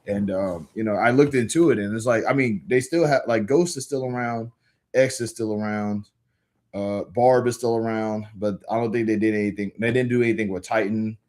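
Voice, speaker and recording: Laid-back rambling male streamer, lowish voice. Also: fairly even intonation, normal speed, a little mellow. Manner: rambling, laid-back, many fillers and restarts. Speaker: livestream host reading comics aloud. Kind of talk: casual livestream chat.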